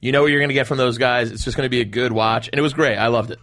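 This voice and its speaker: Fast-talking man in casual podcast chat. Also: mid-range voice, fairly even intonation, a bit bright. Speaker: podcast co-host.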